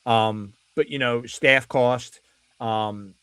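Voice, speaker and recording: A man's voice: mid-range voice, fairly even intonation, very slow, a bit bright, smooth, no echo. A man in a casual podcast chat, telling a long anecdote with frequent restarts and fillers.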